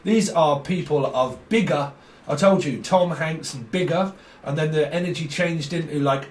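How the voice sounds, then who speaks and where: Guy doing tarot, talks way too fast, slightly higher voice, sounds far off in a roomy space. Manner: fast, free-associating, laughs often. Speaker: tarot reader. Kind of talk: rambling tarot reading. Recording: roomy sound from a distant mic.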